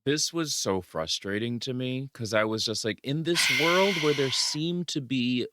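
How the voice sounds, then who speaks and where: A man's voice: mid-range voice, a little slow, heavy background noise. A man co-hosting a podcast in casual chat, reacting with exasperation and disgust to a film. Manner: expressive reactions, exasperated and grossed out. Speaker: podcast co-host.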